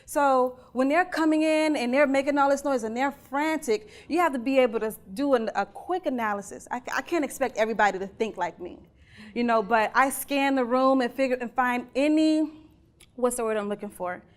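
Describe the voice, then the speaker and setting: A woman gives a keynote talk in a chatty, earnest manner, speaking fairly quickly. Her voice sits high, and she keeps turning to the audience with questions.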